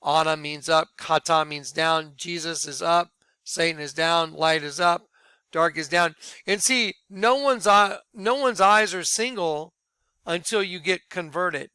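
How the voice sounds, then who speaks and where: A man preaching and telling his conversion story in an earnest sermon style, dropping to a hushed voice when he quotes. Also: on the high side, measured pace, clean tone, no room sound. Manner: earnest, drops to quiet hushed tones when quoting.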